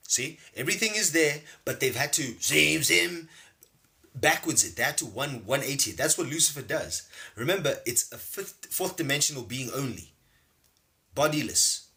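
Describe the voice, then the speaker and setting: A man's voice: medium pitch, bright, forceful tone. A man, giving a rambling, playful spiritual lecture on a live stream. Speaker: spiritual teacher.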